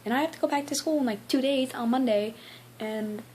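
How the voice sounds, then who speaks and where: A woman's voice: high-pitched, fairly quick, darkish tone, slight background noise. A teenage girl ranting casually in a vlog, full of "like" fillers and acted-out quotes. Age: teens. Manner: chatty, frequent "like" fillers, acts out quotes. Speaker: vlogger.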